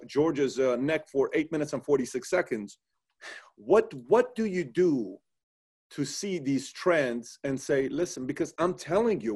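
Guy hosting an interview, slightly high voice, gets animated telling stories. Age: adult, former soldier. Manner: animated storyteller, acts out quotes. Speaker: interview host. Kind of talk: casual interview conversation.

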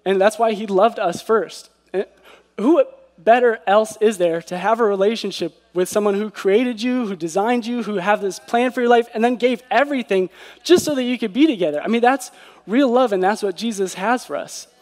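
A man's voice: high voice, normal speed, a little mellow. A man giving an earnest devotional sermon who often asks rhetorical questions. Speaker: preacher. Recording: long hall reverb.

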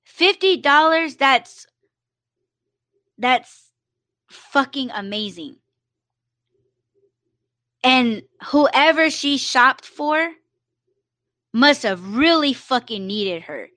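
A woman's voice: high-pitched, bright, forceful tone, no room sound. A woman hosting a solo live podcast, talking bluntly with lots of swearing and fillers like "you know" and "like". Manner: blunt, profane, emphatic rant with many fillers. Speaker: podcast host.

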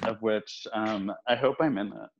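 A man's voice: fairly low pitch, normal speed, highs cut off, a little hiss or hum. A man hosting a podcast, chatting casually and teasing his guest with frequent giggles. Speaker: podcast host. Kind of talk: casual chat.

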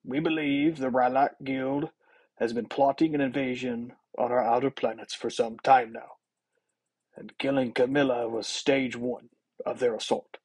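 A man's voice: mid-range voice, fairly even intonation, measured pace, darkish tone, breathy edge. A man voicing a young, determined king who makes grave, commanding announcements in a sci-fi audio story.

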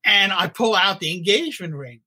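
An older man spins a casual story, bright and a little husky in tone. He acts out quotes and laughs along with his own telling. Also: sits high, animated, brisk, low-quality recording. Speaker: storyteller guest.

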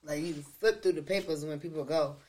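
Her low-pitched voice moves a little fast as she shares a story while co-hosting a podcast. The chat is casual, and she animatedly acts out what others said.

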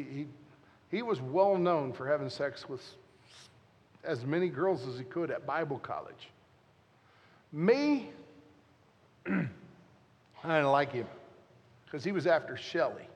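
A fairly high-pitched man in his fifties, visiting a church as guest pastor, jokes his way through a story in the sermon, lively and addressing the crowd head-on. A long reverb tail trails his words.

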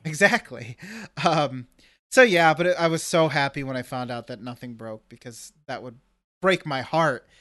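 Casual podcast co-host, man, lively storyteller, dry close sound. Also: medium pitch, normal speed, no room sound. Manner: animated storyteller, acts out his own reactions.

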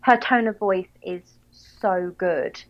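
A woman's voice: medium pitch, slow, lo-fi sound. Dry Southern English woman. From England. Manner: dry, self-mocking, laughs often. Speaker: podcast co-host. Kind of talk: casual book chat.

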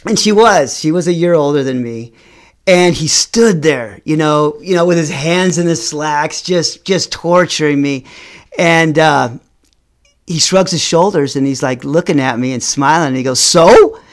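A middle-aged man telling a personal story straight to the camera. His delivery is animated. He stretches out words for emphasis and often stumbles and repeats himself as he goes. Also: a little high, moderate pace. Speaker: vlogger.

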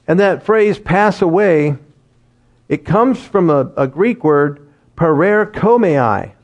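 His voice is on the high side as he delivers a lively sermon and reads from scripture. He chuckles at his own jokes and draws out important words for emphasis.

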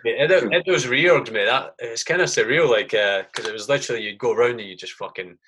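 A man's voice: mid-range voice, fast, fairly bright tone, a little hiss or hum. A man, a soldier, casually telling stories in a podcast chat, swearing constantly and saying mate a lot.

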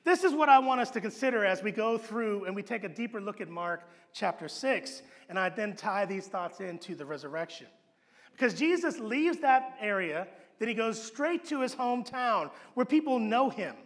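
A man preaching a sermon as pastor, telling the story with animated acted-out voices and dropping to a low hush for emphasis. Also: moderate pace. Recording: long hall reverb.

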